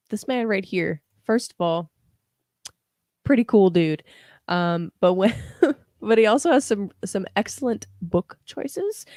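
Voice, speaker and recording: A woman's voice: mid-range voice, a little mellow, no echo, clean studio sound. A young woman hosting a live tarot reading, chatting casually with viewers in a slangy, laughing manner. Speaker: tarot reader livestream host.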